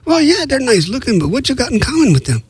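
A man's voice: very high voice, very animated, quick pace, breathy edge, no room sound, pitched above the performer's own voice, exaggerated voice. A man voicing his serious middle-aged male friend, an optometrist, in a read-aloud memoir story. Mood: skeptical. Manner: questioning, serious tone.

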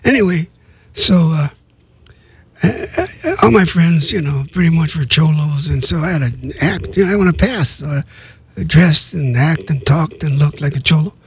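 A man's voice: on the high side, expressive, moderate pace, husky. An older man from Southern California reading his own memoir aloud, conversational with casual asides.

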